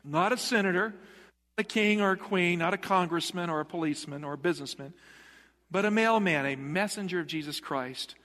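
A man's voice: high voice, fairly quick, sharp tone. A middle-aged male pastor preaching a sermon in a church, emphatic and putting rhetorical questions to the congregation. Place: church sanctuary. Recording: long hall reverb.

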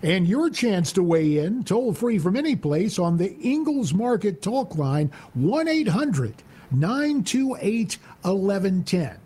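A man's voice: high voice, darkish tone, slightly rough. A middle-aged man guest-hosting a talk radio show in a folksy, wry manner, reading his own column aloud. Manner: folksy, wry, measured emphasis.

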